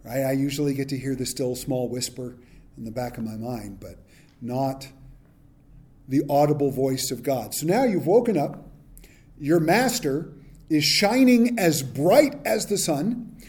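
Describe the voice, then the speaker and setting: A male pastor preaching a sermon, telling the story with lively acted-out quotes. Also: medium pitch, unhurried.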